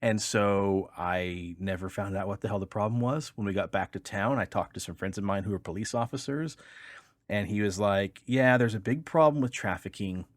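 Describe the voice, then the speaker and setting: A man from Kansas co-hosting a podcast, an animated storyteller who swears freely in casual chat. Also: on the low side, normal speed, no echo. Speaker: podcast co-host.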